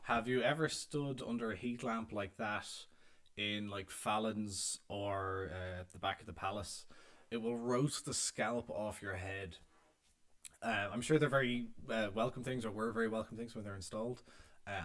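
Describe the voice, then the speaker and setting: A chatty man with a fairly low, fairly bright voice hosts a pub quiz during a casual live virtual pub tour. Speaking from inside the pub as host and guide, he jokes and confirms the audience's answers.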